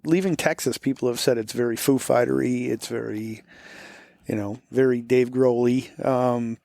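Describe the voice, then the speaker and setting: A man's voice: mid-range voice, fairly even intonation, normal speed, creaky, a little mellow, no room sound. A man from Florida with a faint Boston accent, chatting in an interview and rambling with many fillers and restarts. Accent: American, faint Boston. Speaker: musician guest. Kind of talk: casual interview chat.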